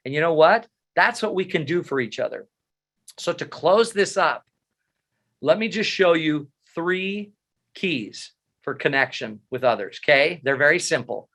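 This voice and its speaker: A middle-aged man giving a motivational talk, animated and self-mocking, telling funny stories. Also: fairly high pitch. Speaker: motivational speaker. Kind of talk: humorous storytelling talk.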